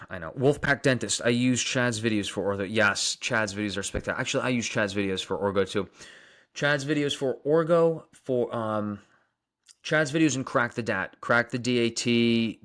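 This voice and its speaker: A man's voice: mid-range voice, moderate pace, fairly bright tone. A young man with a Long Island accent hosts a live stream, reading out viewer comments and answering them casually. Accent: Long Island New York. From Long Island, New York. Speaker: dentist livestream host.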